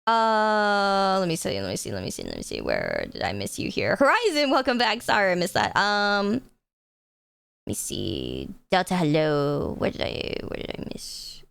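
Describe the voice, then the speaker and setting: A woman's voice: on the low side, huge pitch swings, normal speed, vocal fry, a bit bright, clear, resonant tone, no room sound. A woman streaming live, chatting casually with her viewers, laughing often and swearing freely. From United States.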